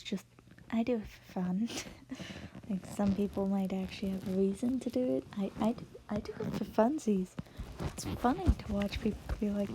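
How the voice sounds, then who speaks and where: A woman giving a casual spoken voice lesson from home at night, in a hushed, half-whispered way with many fillers. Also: mid-range voice, a little hiss or hum, low-quality recording. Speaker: voice tutorial creator.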